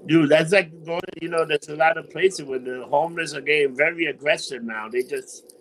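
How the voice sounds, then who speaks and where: A man from New York with a notably high voice, talking animatedly and profanely in a casual chat. A faint hiss sits under the recording. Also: a little fast, poor audio. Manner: animated, profane, says "dude" a lot.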